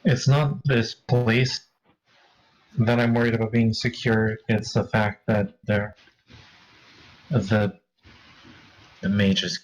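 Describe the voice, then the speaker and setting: A man taking part in a tabletop game, speaking in character. He gives short, guarded replies in a somewhat low voice. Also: level tone, slow pace, long pauses, rough recording. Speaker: player.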